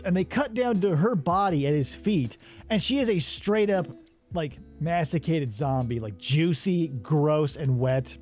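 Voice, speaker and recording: A man's voice: a little high, measured pace, soft background music. A man casually recapping a movie while he works, acting out the characters' lines. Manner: animated storyteller, acts out the characters' lines. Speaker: podcast co-host.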